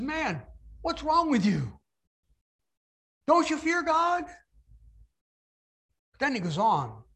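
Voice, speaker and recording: A man's voice: high voice, a bit bright. A man preaching a sermon, retelling a Bible story with dramatic emphasis and acting out the voices.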